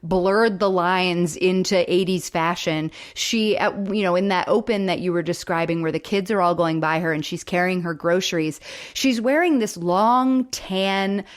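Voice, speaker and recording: A woman's voice: lowish voice, moderate pace. A woman co-hosting a podcast, chatting casually as she retells a sitcom episode with lots of fillers. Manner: chatty, storytelling with many fillers. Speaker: podcast co-host.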